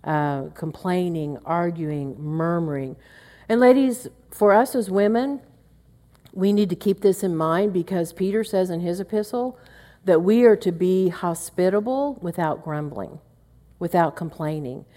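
A woman's voice: lowish voice, unhurried, warm tone. A middle-aged woman teaching a women's Bible study, earnest and chatty, acting out muttered asides under her breath. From Oklahoma. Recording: long hall reverb.

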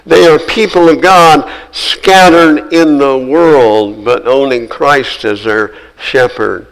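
A man preaching a sermon, earnest and emphatic, repeating phrases and slowing down to stress key words. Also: mid-range voice, low-quality recording.

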